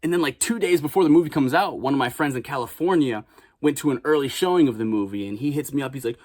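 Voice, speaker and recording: Young man, from Chicago, casual slangy storytelling, mid pitch, dry close sound. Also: fast, no echo. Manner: animated, acts out quotes in raised voices, swears freely. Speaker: vlogger.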